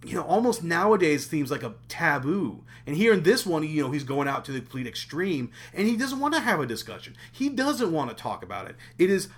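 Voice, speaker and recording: A man co-hosting a casual film podcast, his voice sitting a bit high and swinging widely up and down. He talks in animated bursts, often stopping and restarting his sentences. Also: fairly quick, hardly any pauses, breathy edge. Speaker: podcast co-host.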